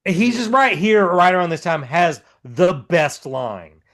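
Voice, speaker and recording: Male podcast co-host, slightly high voice, eager fan who keeps chiming in. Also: big pitch swings, fairly bright tone. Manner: enthusiastic, quick to agree. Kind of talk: casual chat.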